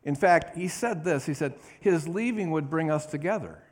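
A man's voice: on the high side, normal speed. Preaching man calling for amens. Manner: call-and-response preaching, asks congregation for amens; reads scripture aloud with emphasis. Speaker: pastor. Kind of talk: sermon.

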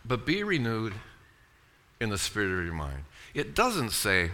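A man's voice: fairly low pitch, wildly swooping pitch, a little slow, sharp tone. A middle-aged man preaching a sermon in a conversational, joking way, often asking the congregation questions. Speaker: pastor.

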